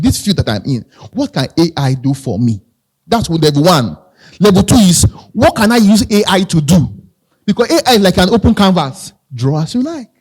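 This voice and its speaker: A man's voice: on the high side, darkish tone, husky. A man with a Nigerian accent giving a live motivational talk, conversational, repeating phrases and asking the audience questions. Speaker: motivational speaker.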